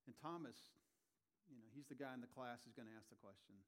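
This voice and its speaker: A man preaching a sermon, animated and expressive, his volume rising and dropping as he acts out the people he quotes. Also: mid-range voice, fast. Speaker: pastor.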